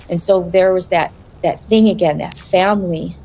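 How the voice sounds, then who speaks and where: A woman telling her personal story in an interview, in a halting, confessional way. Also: on the low side, fairly even intonation, dark tone, slight background noise.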